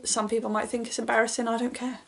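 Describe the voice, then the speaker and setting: Woman book vlogger, casual and self-deprecating, bright question reads, offhand answers. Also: fairly high pitch, level tone, fast talker, vocal fry.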